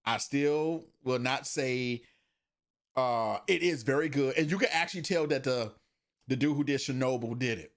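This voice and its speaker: A man's voice: medium pitch, moderate pace. A man hosting a podcast, chatting casually and animatedly about shows and movies, often laughing. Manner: animated, laughing, slangy storytelling. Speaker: podcast host. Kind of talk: casual chat.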